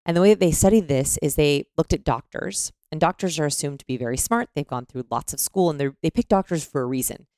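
Low, gravelly-toned woman, animated podcast explainer, dry close sound. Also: fast talker, hardly any pauses, no echo. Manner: animated, demonstrates voices mid-explanation.

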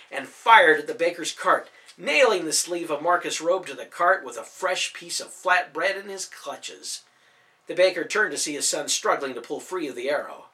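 A man narrating a storybook audiobook in an expressive, animated reading. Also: fairly high pitch.

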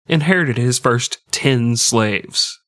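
A man's voice: medium pitch, takes it slowly, fairly bright tone, no echo, clean studio sound. A man with a nasal voice co-hosting a podcast, telling history as crude, irreverent comedy. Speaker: podcast co-host. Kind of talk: comic history storytelling.

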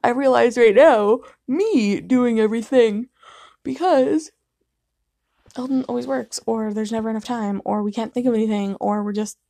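A woman's voice: fairly high pitch, normal speed, gravelly, dark tone, dry recording, studio quality. A young woman hosting a casual solo podcast from her living room late at night, sleepy and yawning, rambling and apologetic, laughing often. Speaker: podcast host.

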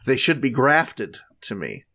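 A man's voice: medium pitch, wildly swooping pitch, unhurried, pushed and bright. A man co-hosting a casual chat, rambling and chatty with frequent restarts.

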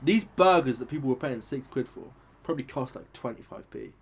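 A young man, telling stories in casual chat, sweary and animated, acting out quotes loudly. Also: medium pitch, fairly quick, slight background noise.

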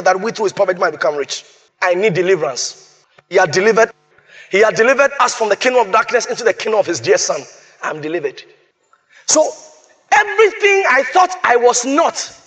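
Man, preacher, high voice, emphatic, repetitive, scripture quotes. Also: fairly bright tone. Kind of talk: sermon.

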